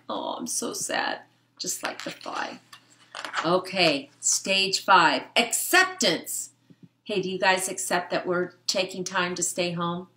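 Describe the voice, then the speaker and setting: An older woman reading a picture book to children in a gentle, chatty way, stopping to explain words and talk to the kids. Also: fairly low pitch, echoey room, a little hiss or hum. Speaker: storytime reader.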